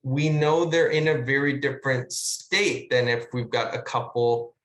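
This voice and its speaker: A man, a guest actor, chatting casually about his craft in an animated, rambling way with plenty of fillers and the odd swear word, over a video call. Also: medium pitch, measured pace, echoey room. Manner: animated, rambling storyteller with filler words and profanity. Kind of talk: casual conversational teaching.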